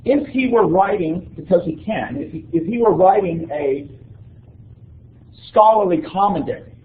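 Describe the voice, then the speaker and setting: Male lecturer, high-pitched, chatty classroom delivery, echoey room. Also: animated, moderate pace. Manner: conversational, keeps checking in with "right?". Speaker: university lecturer. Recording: echoey room, tinny phone-like sound.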